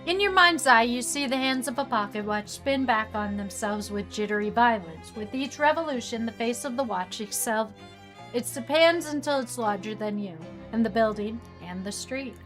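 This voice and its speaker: A woman's voice: fairly high pitch, expressive, normal speed, a bit bright, faint music behind. A woman streaming a game, chatting casually and reading narration aloud with dramatic swells.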